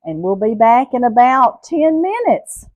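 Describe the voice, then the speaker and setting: A woman's voice: a little high, big pitch swings, a little slow, dry recording, lo-fi sound. A middle-aged woman with a Southern US accent hosts a casual cooking vlog, chatting to viewers in a homey way. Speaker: cooking show host.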